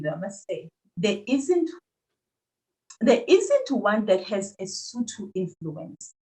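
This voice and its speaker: A woman's voice: mid-range voice, low-quality recording. A young adult South African woman talking animatedly as a podcast guest, laughing often and restarting her sentences. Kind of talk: conversational interview.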